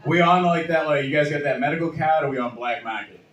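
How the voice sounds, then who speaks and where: A man's voice: fairly high pitch, quick pace, a bit bright. A man from Boston with a Boston accent doing a stand-up comedy set, bantering loosely with the crowd and laughing between jokes. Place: bar or small venue with live crowd. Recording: echoey room, distant mic, faint noise.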